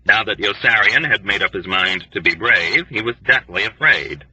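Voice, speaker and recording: A man narrating an audiobook in an expressive, lively storytelling manner. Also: on the low side, moderate pace, breathy edge, no room sound, distant mic. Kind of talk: scripted narration. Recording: dry, dull lo-fi recording.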